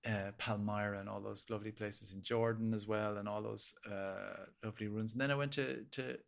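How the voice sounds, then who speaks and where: A man's voice: lowish voice, fairly even intonation, brisk, vocal fry, a bit bright. An Irish man chatting casually as a podcast guest, laughing easily and trailing off with fillers. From Ireland. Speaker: podcast guest, screenwriter and actor. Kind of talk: casual interview chat.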